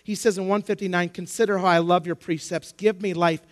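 A man preaching a sermon, building to impassioned, shouted emphasis with repeated rhetorical questions. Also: high voice, steady tone, brisk.

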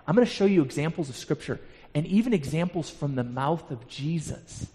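A man with a fairly high voice teaches a Bible class in a hall where his words ring out with a long reverb. He explains passages step by step and often doubles a word as he restarts a sentence. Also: darkish tone.

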